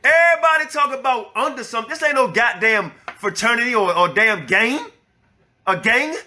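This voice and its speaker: Expressive and speaking at a normal speed, this fired-up male elder of a religious group has a high, bright voice as he reacts to a clip on his show. His commentary is angry, profane, and preachy, and he quotes the clip's words back to argue against them.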